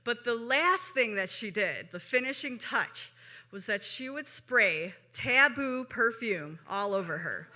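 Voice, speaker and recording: A woman from Chicago, USA, tells a personal story live on stage, chatty and full of asides to the audience. Her voice is fairly high with lively intonation, a little slow, and pushed and bright.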